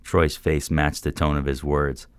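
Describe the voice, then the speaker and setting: A man narrating a story in a steady, measured reading voice. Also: very deep voice, clean tone, no room sound. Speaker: audiobook narrator. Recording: dry close-mic recording.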